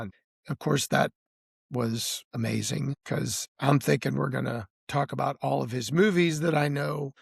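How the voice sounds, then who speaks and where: A man's voice: mid-range voice, steady tone, normal speed, creaky, slightly rough, no room sound, studio quality. A man being interviewed as a blues musician, chatting casually and telling stories with restarts and "you know"s.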